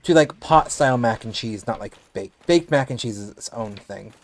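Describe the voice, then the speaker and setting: A US game streamer with a lisp and an expressive mid-range voice chats casually with his viewers at normal speed while gaming. He thinks aloud as he plays, often restarting his sentences.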